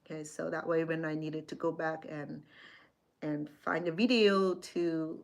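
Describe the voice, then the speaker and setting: A woman's voice: low-pitched, fairly even intonation, a little slow, vocal fry. A woman hosting a casual livestream from home, chatting through a computer walkthrough with many restarts. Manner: chatty, with frequent restarts and fillers. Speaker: livestream host.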